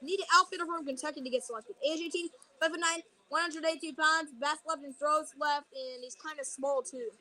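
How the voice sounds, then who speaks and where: High-pitched woman rambling through live commentary. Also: a little fast, few pauses, pushed and bright. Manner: chatty, rambling, jokey asides. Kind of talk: casual live draft commentary.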